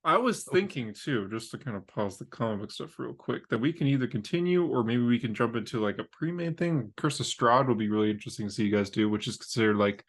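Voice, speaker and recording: A man's voice: mid-range voice, animated, quick pace, hardly any pauses. A man hosting a comic book podcast, joking and laughing in casual chat with friends. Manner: joking, laughs through his lines. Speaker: podcast host.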